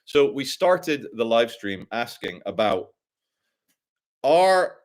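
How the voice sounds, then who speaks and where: A man's voice: mid-range voice, very animated, slow. A man hosting a live stream, rambling through commentary with a sarcastic, crude humor.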